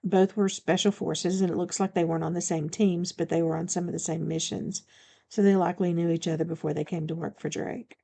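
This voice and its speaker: A woman voicing a young-looking female vampire in an audiobook, talking quickly and defensively. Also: lowish voice, fairly even intonation, creaky, warm tone.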